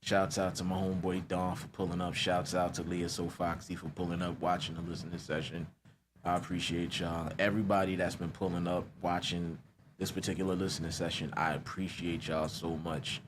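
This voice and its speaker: A man appearing as a guest rapper on a podcast, speaking quietly and low-key as he lists his thanks. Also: little pitch movement, fairly quick, background noise. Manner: quiet, low-key, listing shout-outs. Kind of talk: casual interview chat.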